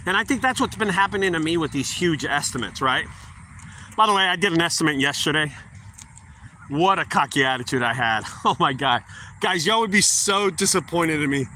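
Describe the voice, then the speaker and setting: A man's voice: fairly high pitch, background noise. A man who owns a junk removal business tells a work story in a casual vlog, talking animatedly and acting out both sides of the conversation. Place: outdoors by a property. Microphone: phone held by speaker.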